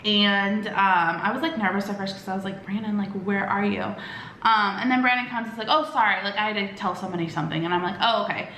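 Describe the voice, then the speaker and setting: A woman's voice: medium pitch, fairly even intonation, pushed and bright, echoey room, a little hiss or hum. A young woman vlogger telling a personal story in casual chat, rambling with lots of fillers and acting out quoted lines. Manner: acts out quoted lines with quick voice shifts.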